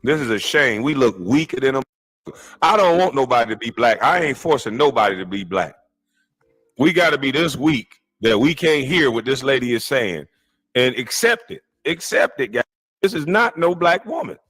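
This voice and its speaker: A man's voice: moderate pace, slightly rough, soft background music. A man giving profane, mocking reaction commentary on a podcast. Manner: mocking, animated, mimics in shrill shouts. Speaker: podcast co-host.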